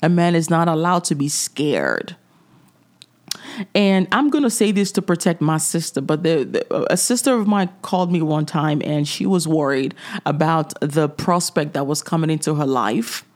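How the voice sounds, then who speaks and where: This podcast host, a middle-aged woman running a faith-based show, has a low-pitched, darkish voice at a normal speed. She preaches directly and drops in little chuckles along the way.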